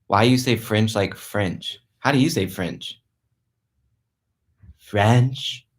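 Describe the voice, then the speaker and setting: A young man talks casually on a live stream. His voice sits a bit low, and his talk is loose, with lots of "like" and restarts. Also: lively intonation, measured pace, slightly rough. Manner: loose and chatty, full of "like" and restarts. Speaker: livestreaming vlogger. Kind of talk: casual live-stream chat reading comments. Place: a friend's house, indoors.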